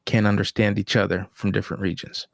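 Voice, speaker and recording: Gravelly low-voiced man from Canada. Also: flat delivery, fast, no room sound, clean studio sound. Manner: easygoing, chuckles at his own anecdotes. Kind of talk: casual chat.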